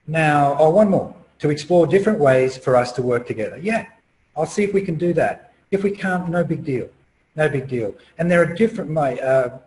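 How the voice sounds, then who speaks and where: A middle-aged man with an ordinary mid-range voice runs a webinar like a friendly sales pitch. He keeps it chatty and persuasive and tosses rhetorical questions at his listeners. He is heard through a computer microphone. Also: a little mellow, rough recording. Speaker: marketing coach hosting a webinar.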